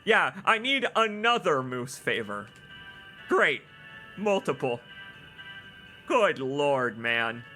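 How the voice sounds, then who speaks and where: A man casually commenting on a video game as he plays. He reads the in-game notes aloud and bursts into loud, exclaiming laughs at the jokes. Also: medium pitch, big pitch swings, takes it slowly, pauses often, faint music behind. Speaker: streamer playing a video game. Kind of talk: casual let's-play commentary.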